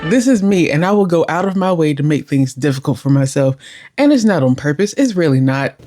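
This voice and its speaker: A young woman telling a cooking mishap in casual voice-over, animated, exasperated and poking fun at herself. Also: low-pitched, a little fast, faint music behind. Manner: animated and exasperated, self-deprecating. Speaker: cooking vlogger.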